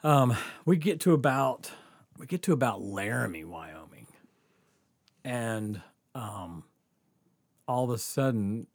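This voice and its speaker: A man's voice: mid-range voice, slow pace, long pauses, dry recording. A man telling a casual story on a podcast, full of fillers, swearing and laughter. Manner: animated, laughs often, lots of fillers and swearing.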